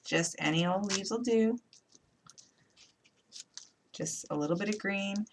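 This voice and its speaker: A woman's voice: mid-range voice, unhurried, slight background noise. A woman with an upstate New York accent hosting a live crafting tutorial, chatty and playful, talking her way through each step. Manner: chatty, playful, thinks aloud while working. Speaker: crafting demo host.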